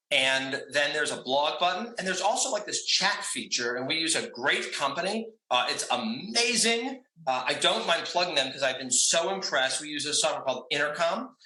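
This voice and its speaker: A man's voice: fairly high pitch, pushed and bright. A man being interviewed as a guest, talking casually with frequent laughs and fillers. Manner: chatty, laughs often, many fillers. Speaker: guest, trivia company owner. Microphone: video call setup. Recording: echoey room.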